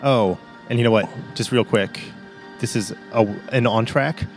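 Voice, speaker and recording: A man's voice: mid-range voice, moderate pace, soft background music. A man, ranting emphatically and profanely in casual chat.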